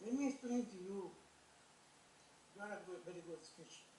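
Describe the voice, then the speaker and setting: A man's voice: sits high, normal speed, warm tone, a little hiss or hum. A man from Cuba with a Cuban Spanish accent, speaking up with passion in broken English during public comment at a city meeting. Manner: broken English, impassioned, repetitive. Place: city commission meeting hall. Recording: echoey council chamber, distant mic.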